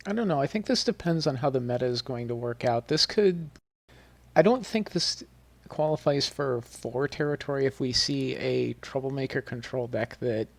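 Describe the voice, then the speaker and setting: A man's voice: mid-range voice, animated, moderate pace, vocal fry. A man co-hosting a casual card game podcast, wry and joking. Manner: wry, laughing asides. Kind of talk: casual panel discussion.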